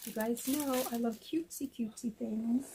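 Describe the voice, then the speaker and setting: A woman craft vlogger unboxing a gift package, gushing over each item and repeating how cute everything is, now and then dropping to a soft whisper. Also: fairly high pitch, moderate pace, noisy background. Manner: gushing, says "cute" and "oh my gosh" constantly. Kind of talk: casual unboxing chat to camera.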